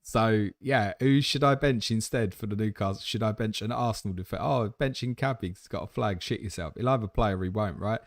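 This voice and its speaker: Brief: male livestream host, lowish voice, dry close mic, quick blunt banter. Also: no room sound. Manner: blunt, jokey, reads viewer questions aloud. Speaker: livestream host answering viewer questions. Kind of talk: fast casual livestream Q&A.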